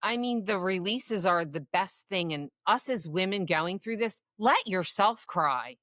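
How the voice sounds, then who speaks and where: A woman's voice: medium pitch, expressive, measured pace, fairly bright tone, no room sound. A woman in her forties co-hosting a casual podcast as a coach, giving earnest, encouraging advice. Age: 40s.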